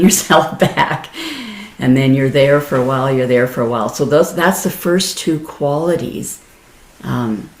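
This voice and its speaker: A woman meditation teacher giving a gentle, explanatory dharma talk, laughing easily and restarting her phrases. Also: extremely low pitch, a little hiss or hum. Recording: roomy echo.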